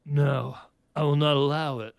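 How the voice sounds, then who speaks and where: A man's voice: high-pitched, lively intonation, unhurried, a bit bright. Man doing a grave guilt-ridden stallion. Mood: serious.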